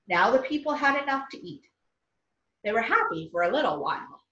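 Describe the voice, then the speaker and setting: Expressive woman storyteller, high lively voice, distant echoey church sound. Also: fairly quick. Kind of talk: children's story reading. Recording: echoey room, far off, dull sound.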